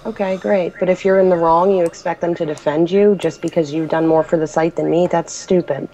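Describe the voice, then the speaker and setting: A woman's voice: on the low side, steady tone, a little fast, dark tone, slight background noise. A woman moderator arguing in an online voice chat, curt and dismissive. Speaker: forum moderator. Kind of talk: heated voice chat argument. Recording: dull lo-fi mic.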